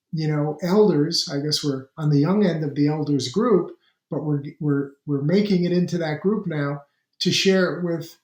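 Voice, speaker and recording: Middle-aged male author on a podcast panel. Earnest and rambling, slightly high voice, echoey room. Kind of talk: reflective panel podcast talk. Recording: roomy echo.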